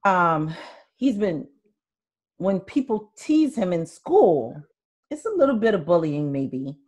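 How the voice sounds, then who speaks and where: An older woman hosting a podcast, chatting casually and telling stories with soft laughs. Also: fairly low pitch, big pitch swings, takes it slowly, breathy edge. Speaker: podcast host. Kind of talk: casual interview chat.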